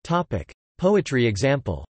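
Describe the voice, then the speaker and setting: A man's text-to-speech voice reading an encyclopedia article in an even, mechanical way. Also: mid-range voice, moderate pace, slightly rough, no echo. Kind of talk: synthetic encyclopedia narration.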